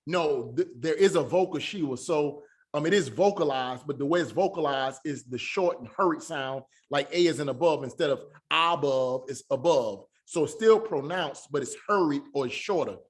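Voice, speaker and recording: A man with a slightly high, animated voice teaches a Hebrew lesson in a classroom. Patient, he repeats each word slowly to drill pronunciation so his students can follow. His speech is casual and Southern-tinged, with "y'all" and an easy pace.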